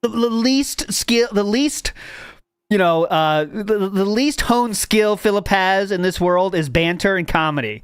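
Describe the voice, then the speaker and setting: A man's voice: high voice, animated, unhurried, clear, resonant tone, dry recording. A man hosting a casual podcast, rambling and correcting himself as he talks. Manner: rambling, self-correcting, laughs at own jokes. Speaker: podcast host.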